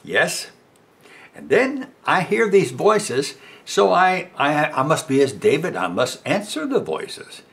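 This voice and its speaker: An older man preaches a sermon at an unhurried pace, his pitch rising and falling with lively swings. He speaks emphatically and acts out the voices he quotes as he answers them. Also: vocal fry.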